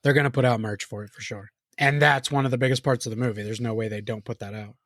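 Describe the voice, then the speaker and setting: Male podcast co-host, mid-range voice, dry close sound, rambling and chatty, quick to laugh. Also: mid-range voice, fairly even intonation, fairly bright tone, dry recording. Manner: loose, rambling, laughs often. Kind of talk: casual chat.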